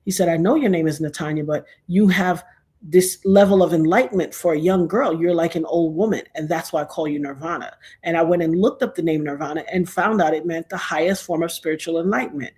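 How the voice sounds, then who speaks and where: A middle-aged woman telling a personal story in a casual, animated way, acting out the other people's lines as she goes. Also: fairly low pitch, fairly quick. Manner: animated, acts out quoted dialogue.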